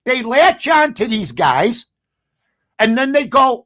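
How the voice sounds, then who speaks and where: A male sports talk host with a high-pitched voice, recorded close and dry. He is blunt and sarcastic. He drops to low mutters, then bursts out loud. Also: very animated, slow, dry recording. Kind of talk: opinionated sports talk rant.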